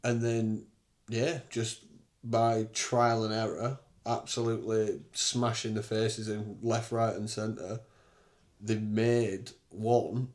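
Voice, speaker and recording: A man's voice: lowish voice, little pitch movement, takes it slowly, darkish tone. A young man hosting a podcast, talking candidly and bluntly in a casual solo monologue, with the odd swear word. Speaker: podcast host.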